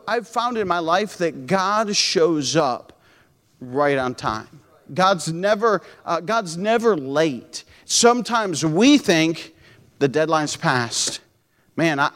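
Pastor guy preaching hard, high voice, big echoey church sound. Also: a bit bright. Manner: emphatic, impassioned preaching. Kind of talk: sermon. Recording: echoey hall reverb.

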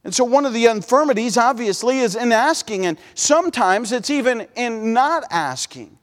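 Folksy middle-aged male preacher, high voice, long hall echo behind him. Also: expressive, normal speed. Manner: folksy, repeats "man" and restarts words. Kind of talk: sermon.

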